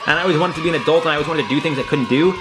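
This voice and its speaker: A man's voice: a little high, racing. A man hosting a casual show, rambling and chatty as he reacts to tweets from his room at home, swearing freely. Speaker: host.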